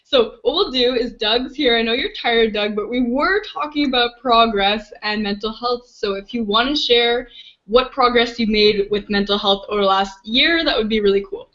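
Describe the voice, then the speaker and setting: A host keeps a casual group chat moving, laughing as they steer it onto a new topic. The voice has a middle pitch. The sound is muffled, like a basic voice-chat mic. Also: normal speed, sharp tone.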